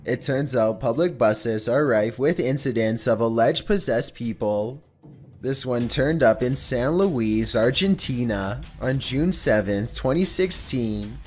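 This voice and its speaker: A man giving scripted narration in a measured, steady storytelling delivery. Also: medium pitch, noisy background.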